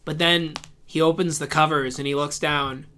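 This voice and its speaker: A man co-hosting a comedy podcast, chatty and quick to laugh. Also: fairly high pitch, fairly even intonation, sharp tone, clean tone. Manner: laughs often, chatty and upbeat. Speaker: podcast co-host. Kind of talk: casual comedy podcast chat.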